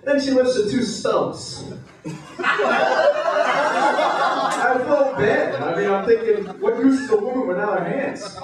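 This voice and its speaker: A male stand-up comedian telling crude deadpan one-liners, with filler "uh"s, to a club audience. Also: high voice, normal speed, hardly any pauses, very noisy. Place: hotel comedy club stage, indoors. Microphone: handheld stage mic. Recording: echoey club from far off, crowd laughing. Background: audience laughter.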